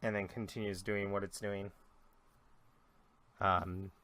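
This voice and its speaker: A young man as dungeon master, narrating a tabletop game in a relaxed, loose way with plenty of fillers. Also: fairly low pitch, takes it slowly, crowd noise.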